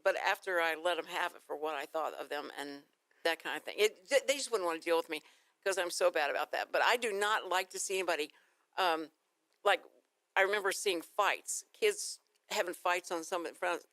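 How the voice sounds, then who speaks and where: A woman's voice: on the low side, moderate pace, a bit bright, dry recording. Texan lady radio host rambling thru stories, laughs a lot, dry studio mic sound. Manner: rambling, storytelling, laughs easily. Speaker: radio talk show host. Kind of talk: casual morning radio chat. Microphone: studio microphone.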